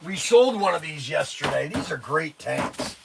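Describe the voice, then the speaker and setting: A man hosting a toy shop live stream, an excitable pitchman who rambles and breaks into shouts, his voice strained from days of nonstop talking. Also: moderate pace, gravelly, background noise. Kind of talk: casual live-stream sales talk. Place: inside a toy shop among shelves.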